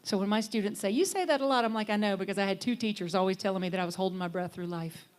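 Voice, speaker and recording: A middle-aged woman minister giving a conversational, earnest sermon, sometimes lifting her voice for emphasis and sometimes dropping to a hush. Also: medium pitch, level tone, rapid-fire. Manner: earnest, conversational, swings from bright emphasis to soft hushed lines.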